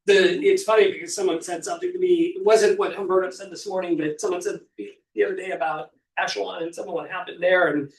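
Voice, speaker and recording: A man leading a real estate team meeting, upbeat and quick with praise, often repeating himself. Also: high voice, fairly even intonation, a little hiss or hum. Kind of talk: group meeting, leading a sharing round. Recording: echoey room, mic far off.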